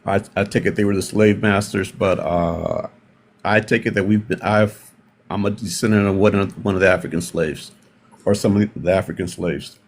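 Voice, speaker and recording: A middle-aged man with a somewhat low voice, originally from Milwaukee, shares his life story in a panel discussion. He speaks in an unhurried, reflective way and often pauses to restart his sentences. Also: steady tone, slight background noise. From Milwaukee, United States. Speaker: panel participant.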